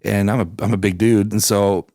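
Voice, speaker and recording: Relaxed middle-aged Canadian man, low voice. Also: moderate pace, dry recording, studio quality. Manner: relaxed, swears freely, animated when quoting people. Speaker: guest musician. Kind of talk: casual storytelling interview.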